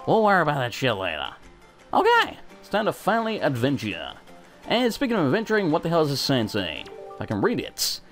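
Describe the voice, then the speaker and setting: Brief: young male let's play host, swears a lot, pitch swings wildly, soft game music under him. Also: quick pace. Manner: sweary, self-mocking, excitable. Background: faint game music.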